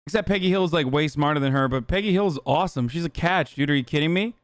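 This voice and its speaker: Male streamer, 30s, high smooth voice, dry close sound, sarcastic and profane. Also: fast talker, dry recording. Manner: animated, profane, sarcastic banter. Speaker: streamer host. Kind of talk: casual reaction commentary.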